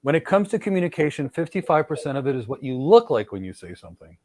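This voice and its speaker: A middle-aged podcast host and cloud architecture mentor gives energetic career advice, lecturing emphatically and often speaking straight to listeners. His slightly high, somewhat mellow voice is very animated and quick, and the recording is dry.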